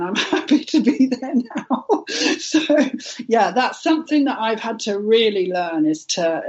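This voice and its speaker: A woman's voice: medium pitch, a little mellow, muffled recording. A woman speaking as a guest on an internet radio interview, telling her story in a heartfelt, earnest way. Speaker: guest, intuitive healer.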